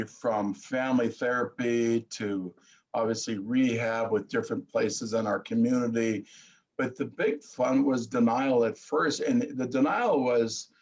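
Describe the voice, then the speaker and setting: A middle-aged man telling his story earnestly in casual chat, halting and restarting. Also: medium pitch, gravelly, husky, lo-fi sound. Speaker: guest.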